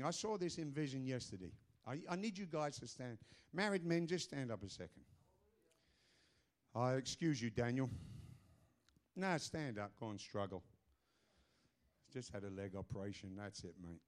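A middle-aged man preaching a sermon, fervent and rising to shouts with drawn-out "uh" fillers, then dropping to a hushed, prayerful tone. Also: mid-range voice, expressive.

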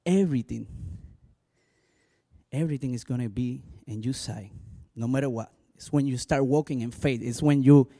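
A male pastor with a strong Spanish accent and Spanish as his first language, giving an animated personal testimony full of "you know" asides. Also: mid-range voice, normal speed.

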